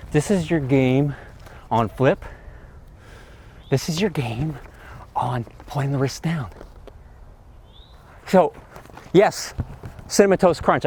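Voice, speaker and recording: Excitable man teaching golf outdoors. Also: medium pitch, a little hiss or hum. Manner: excitable, exclaiming over good shots. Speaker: golf instructor. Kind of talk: enthusiastic golf lesson on the range.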